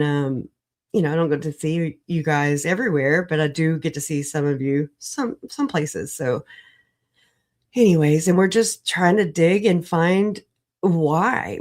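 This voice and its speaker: A woman on a livestream video call, recovering from an illness, talking in an animated, rambling way, laughing often and swearing. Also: low-pitched. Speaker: livestream guest. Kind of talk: casual livestream chat.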